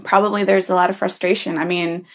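Rambling woman, lowish voice. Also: flat delivery, fast talker. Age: adult parent. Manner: rambling, full of ums and self-corrections; chuckles while telling the story. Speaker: listener leaving a message for a podcast. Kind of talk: casual anecdote.

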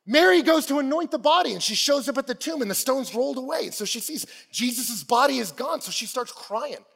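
A man preaching a sermon, telling stories in an animated, playful way and acting out the scenes. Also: extremely high pitch, a little fast, gravelly. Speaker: pastor. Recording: long hall reverb.

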